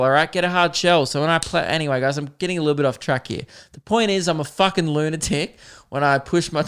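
A young man with an Australian accent, a podcast host telling a rambling, animated comic story and swearing often. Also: on the high side, smooth. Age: young adult. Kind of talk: comedic storytelling.

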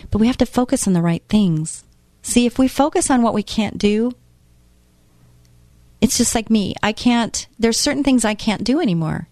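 A woman's voice: a little high, expressive, normal speed, darkish tone, no echo, studio quality. A woman in her late fifties hosting a faith-based talk show, speaking in an earnest, encouraging way. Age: 50s. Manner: earnest, encouraging, acts out voices of doubters. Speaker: host.

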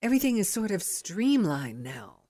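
A woman in her fifties hosting a podcast, talking in an excitable, rambling, emphatic way as she gives motivational advice. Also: medium pitch, moderate pace. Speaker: podcast host.

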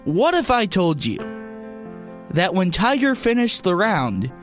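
A man reading a mock-dramatic documentary intro in a slow, portentous voice. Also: high voice, big pitch swings, over music. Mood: mock-solemn. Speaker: intern reading a parody sports documentary intro.

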